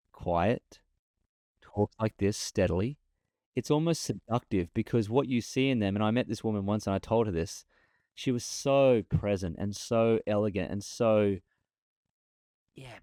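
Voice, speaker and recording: A man talking as a podcast guest over a remote call, an animated storyteller who often repeats himself. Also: fairly low pitch, dry recording. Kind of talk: casual interview talk.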